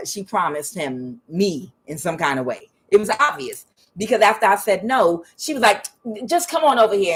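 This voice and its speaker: Perempuan pembaca tarot yang blak-blakan dan kasar. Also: female voice, slightly rough. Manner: frank and profane, with quoted asides in a higher voice. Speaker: tarot reader. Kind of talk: casual spiritual reading and storytelling.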